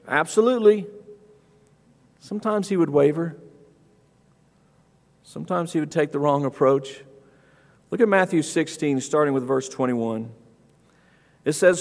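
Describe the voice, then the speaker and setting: A man preaching a sermon in a church, reading scripture aloud and acting out the quoted speakers with rising, lively emphasis. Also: measured pace, pauses often. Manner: animated, acts out scripture quotes with raised pitch. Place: church auditorium. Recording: long church hall reverb.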